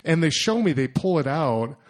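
Animated man telling a travel story. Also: on the high side, normal speed. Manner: animated, self-mocking, lots of fillers and acted-out inner voices. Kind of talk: personal story told to an audience.

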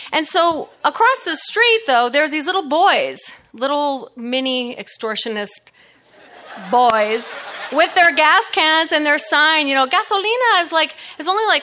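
Woman, middle-aged, high-pitched, bright tone, chatty storytelling, frequent laughs. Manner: chatty, laughing, many fillers. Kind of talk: personal storytelling.

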